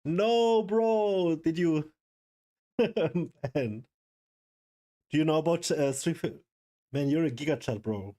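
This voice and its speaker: A young man streaming live, overwhelmed and excited, talking in loose slang and swearing. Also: a little high, slow pace, long pauses. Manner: excited, stunned, swearing, calls everyone bro. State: overwhelmed, shaking. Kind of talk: live stream reaction chat.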